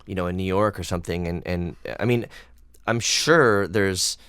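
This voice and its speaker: Low-voiced podcast host, smooth and dry. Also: male voice, moderate pace, dry recording. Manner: rambling, animated storytelling. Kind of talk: casual interview chat.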